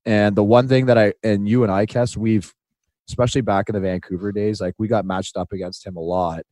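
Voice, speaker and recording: A man co-hosting a podcast about hockey, who played the game himself and tells stories with animated impressions. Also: on the low side, fairly quick, no echo. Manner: animated storyteller, drops into impressions. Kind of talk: casual hockey chat.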